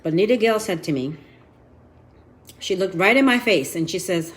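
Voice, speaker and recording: A woman's voice: medium pitch, expressive, normal speed, pauses often. A woman in her fifties giving a frank, profane confessional vlog. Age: 50s. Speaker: vlogger.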